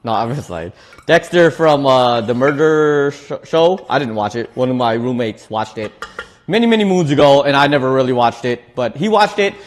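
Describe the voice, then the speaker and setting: Animated, chatty male streamer. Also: medium pitch, moderate pace. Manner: loose, animated, laughs often, restarts words. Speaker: streamer reading chat. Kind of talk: casual cooking livestream chat.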